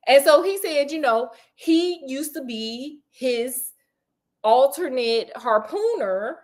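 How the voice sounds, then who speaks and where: A woman retelling a classic detective story in a casual, slangy, joking way with playful asides. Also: fairly high pitch.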